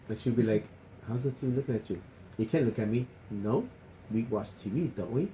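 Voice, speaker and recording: A man's voice: fairly low pitch, fairly quick, a little hiss or hum, low-quality recording. A man telling a childhood story in casual chat, acting out the voices of the people in it. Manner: animated, acts out quoted voices. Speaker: podcast co-host.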